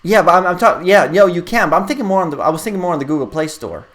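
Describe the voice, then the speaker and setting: Guy in his 40s rambling on a live stream, laughing here and there, reading chat questions out loud. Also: high voice, expressive, racing. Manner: rambling, chatty, laughs often, reads viewer questions aloud. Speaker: live stream host and app developer.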